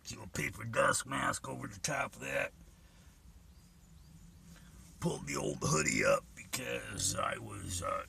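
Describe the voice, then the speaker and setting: A man's voice: lowish voice, wildly swooping pitch, unhurried, vocal fry, long pauses, noisy background. An older man telling a vivid, profane personal story in an earnest way.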